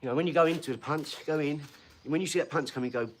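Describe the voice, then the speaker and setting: A man's voice: a little high, very fast, a little hiss or hum. Boastful man chatting live. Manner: boastful, chatty, talks straight to viewers. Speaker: live stream host and boxer. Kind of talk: casual live stream chat.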